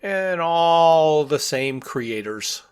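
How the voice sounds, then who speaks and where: A man's voice: a little high, animated, very slow, clear, resonant tone. A man co-hosting a podcast, talking through a comic with dry, wry remarks. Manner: dry, wry asides while reading along. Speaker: podcast co-host. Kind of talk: casual comic book discussion.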